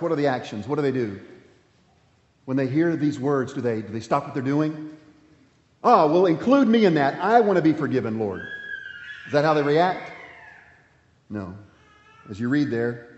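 A man pastor preaching a sermon, swinging between emphatic points and hushed, quiet passages. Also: medium pitch. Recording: echoey hall, dull sound.

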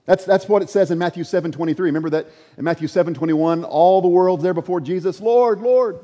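A man's voice: a little high, fairly even intonation, quick pace, mellow. A man preaching a sermon, earnest and emphatic, building points through repeated rhetorical questions. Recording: dull lo-fi audio with long hall reverb.

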